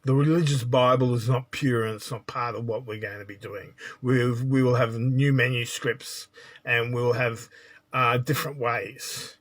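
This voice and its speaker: A man's voice: mid-range voice, fairly even intonation, a little slow. A man giving a spiritual monologue as a teacher, blunt and lecturing, often checking in with "right?".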